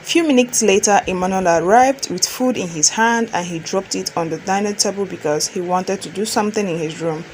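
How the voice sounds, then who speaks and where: Nigerian woman storyteller, plain steady narration, mid pitch, faint noise behind. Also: a little fast, hardly any pauses, rough recording.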